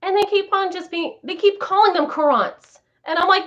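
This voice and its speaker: A woman's voice: very high voice, moderate pace, hardly any pauses, fairly bright tone, highs cut off. A woman in her thirties hosting a casual live chat with her viewers, bubbly and giggly as she answers their comments. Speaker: vlogger host.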